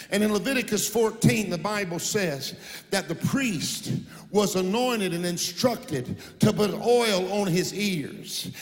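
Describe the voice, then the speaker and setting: A middle-aged male pastor preaching a sermon in a church, with a sing-song preaching cadence that rises into shouts. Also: sits high. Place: church sanctuary. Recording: long hall reverb.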